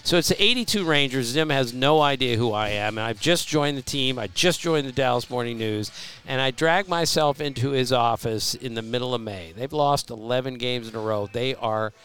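A man in his sixties, a baseball journalist telling anecdotes as a podcast guest, animated and lively when he quotes people. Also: medium pitch, normal speed, clean tone. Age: 60s. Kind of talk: storytelling podcast interview.

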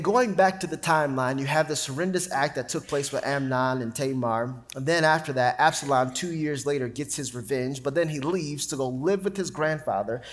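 Animated high-voiced male preacher. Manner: animated, dramatic Bible reading. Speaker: pastor. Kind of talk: sermon.

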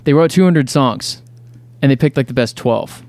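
A man's voice: medium pitch, normal speed, a little mellow. A man chatting on a podcast, an eager music fan who laughs a lot. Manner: enthusiastic fan, laughs often. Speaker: guest. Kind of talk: casual podcast chat.

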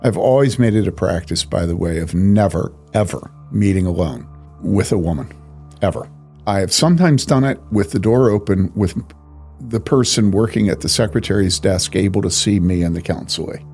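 A man's voice: sits low, moderate pace, a little mellow, breathy edge, soft background music. A man speaking as a pastor, telling a story from his ministry in an earnest, emphatic way and asking rhetorical questions.

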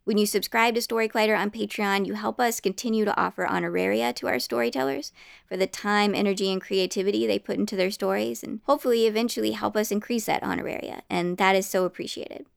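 Brief: woman podcast host, smooth yet gravelly voice, friendly scripted read to listeners. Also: medium pitch, steady tone, fast, no echo, studio quality. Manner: friendly, earnest appeal to listeners. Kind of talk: scripted announcement.

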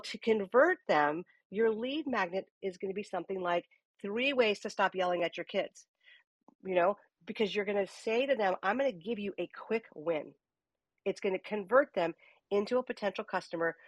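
Lively woman coaching an audio room. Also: mid-range voice, no echo. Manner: lively, uses many rhetorical "okay?" check-ins. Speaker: business coach hosting a live audio room. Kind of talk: live coaching talk. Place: live audio chat room.

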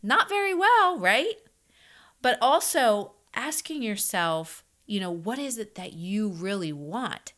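A woman's voice: mid-range voice, fairly bright tone. A middle-aged woman, a leadership coach, talking casually and earnestly, repeating herself with many fillers. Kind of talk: casual podcast talk.

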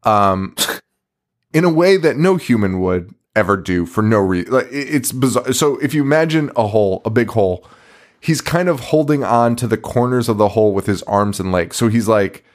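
A man's voice: medium pitch, animated. Profane, laughing man retelling a movie. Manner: profane, laughing, acts out scenes in quick voices. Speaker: podcast co-host. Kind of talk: casual movie review chat.

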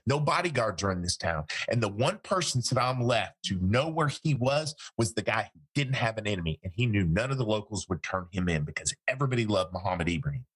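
A man's voice: on the low side, lively intonation, brisk, hardly any pauses, a bit bright, breathy edge. A man, a former interrogator, telling a story in an interview and acting out the quoted dialogue.

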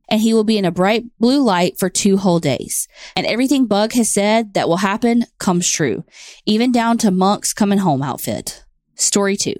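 A woman co-hosting a podcast, chatting and reading out a listener's story in a plain, steady way. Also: mid-range voice, no room sound, clean studio sound. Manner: reads letters aloud in a plain, steady way. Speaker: podcast co-host. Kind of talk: casual chat and reading listener stories.

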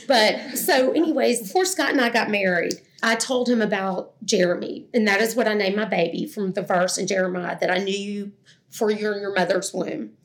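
A middle-aged woman tells a personal testimony to an audience in a chatty, rambling, self-deprecating way. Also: mid-range voice. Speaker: speaker sharing a personal testimony.

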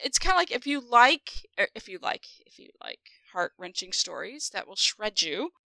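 A woman co-hosting a podcast, chatting casually as an animated storyteller. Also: mid-range voice, normal speed, vocal fry, dry recording. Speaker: podcast co-host. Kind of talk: casual podcast chat about a book.

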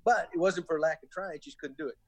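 A middle-aged man with a Southern accent talks quickly in a slightly high voice, circling back on himself with repeated words and "you know." The sound is close and dry, like a casual podcast chat. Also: no room sound, rough recording. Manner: rambling, many restarts and "you know". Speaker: former baseball manager, podcast guest. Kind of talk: casual interview talk.

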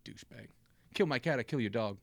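Talking quickly in a medium-pitched voice with no echo, a man in his thirties narrates a long comic story in casual conversation on a comedy podcast. He's animated and acts out people's words.

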